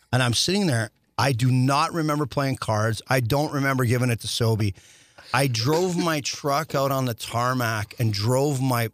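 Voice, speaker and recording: A man's voice: medium pitch, dry recording. A middle-aged man, a former hockey player, telling long stories in a casual chat, restarting sentences often and acting out dialogue. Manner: rambling with many restarts, acts out quoted dialogue.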